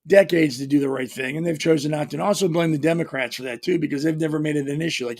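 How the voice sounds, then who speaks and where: A man's voice: fairly high pitch, fast talker, few pauses. A man hosting a podcast, delivering a blunt, combative political monologue with mocking asides and many restarts. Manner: repetitive restarts, frequent "you know". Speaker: podcast host. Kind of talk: opinionated political commentary monologue.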